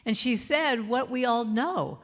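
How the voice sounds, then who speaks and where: A woman's voice: a little high, a little slow. Middle-aged woman speaker at church, storytelling, singing bits, big hall echo. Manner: warm storytelling, sings lines softly. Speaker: guest speaker and singer. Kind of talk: sermon with sung chants. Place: church sanctuary. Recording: long hall reverb.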